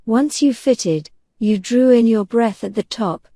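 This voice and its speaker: A woman narrating a bedtime audiobook in a gentle, unhurried, soothing manner. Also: a little high, no echo. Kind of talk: soft bedtime story narration.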